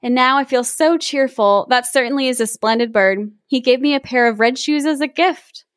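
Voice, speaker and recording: A woman's voice: sits high, normal speed, no room sound, studio quality, lightly acted. A woman reading the lines of a young girl in a fairy tale, with eager, girlish exclamations. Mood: cheerful. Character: sad young girl turned cheerful, the sister.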